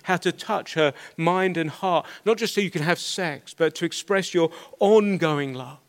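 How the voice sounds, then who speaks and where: A man's voice: fairly high pitch, a little slow. A middle-aged man preaching an expository sermon in an earnest, conversational way with small stammers.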